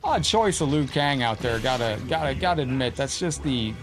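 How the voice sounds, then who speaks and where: Male game streamer, middle pitch, relaxed banter, music under the voice. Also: moderate pace. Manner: chatty, talks to his cat and viewers. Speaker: gaming streamer. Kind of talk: casual live-stream chat.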